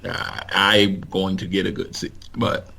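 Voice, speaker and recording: A man's voice: sits low, flat delivery, a little slow, vocal fry, bright, forceful tone, a little hiss or hum. A man co-hosting a podcast, chatting in a laid-back way and giving blunt opinions. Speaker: podcast co-host. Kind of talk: casual chat.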